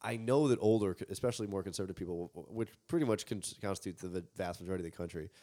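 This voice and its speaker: A man co-hosting a casual podcast who talks through politics in a wry, explanatory way. His voice sits on the low side, and he often drifts into long asides. The tone stays relaxed and conversational. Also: rapid-fire. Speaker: podcast co-host.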